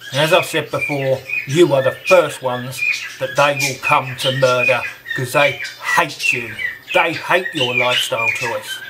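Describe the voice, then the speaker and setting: A man delivering an angry, confrontational monologue straight to the listener, scornful and deliberate. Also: medium pitch, very noisy.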